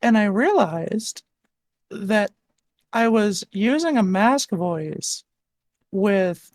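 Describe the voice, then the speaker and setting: A woman's voice: mid-range voice, animated, drawn-out words, darkish tone, dry recording. A woman hosting a streamed conversation, talking casually and rambling with lots of fillers. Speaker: stream host. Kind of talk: casual chat.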